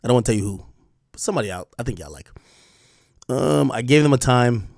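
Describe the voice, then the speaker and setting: A man hosting a live stream, telling a story in animated casual talk with swearing and laughter. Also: medium pitch, fast, vocal fry, no room sound, clean studio sound.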